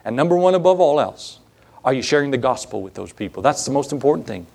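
A man's voice: medium pitch, big pitch swings, fast, gravelly, a little mellow, slightly rough. A male pastor delivers a sermon with a mid-range voice. He is folksy and earnest, telling stories in a conversational way. It sounds like a church sanctuary.

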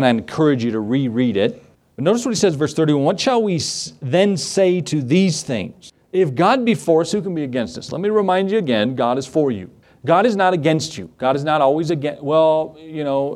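Man, pastor, sermon, slightly high voice, dramatic slowdowns, swelling emphasis. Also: darkish tone.

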